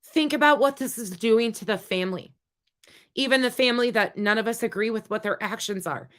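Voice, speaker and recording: A woman's voice: a little high, brisk, fairly bright tone. A woman hosting a livestream, talking to her chat in a heated, swearing, casual way. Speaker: livestream host.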